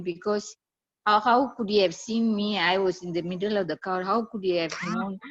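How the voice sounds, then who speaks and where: A woman speaks with deep emotion about a personal memory, her words breaking into fillers and restarts. The audio is somewhat dull and lo-fi. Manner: halting, with many fillers and restarts. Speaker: disciple sharing a remembrance.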